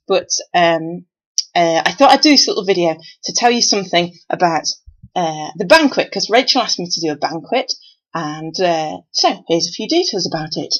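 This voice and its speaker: Chatty woman, low voice. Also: expressive, moderate pace, dull audio. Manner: chatty, rambling with many fillers. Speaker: event organiser. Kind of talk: casual video message.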